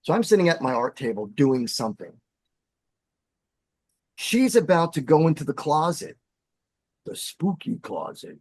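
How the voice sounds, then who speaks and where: A man telling a story as a podcast guest, animated and dramatic in his delivery. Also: fairly high pitch, normal speed, long pauses, no room sound. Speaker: podcast guest, former bassist. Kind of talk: storytelling in casual chat.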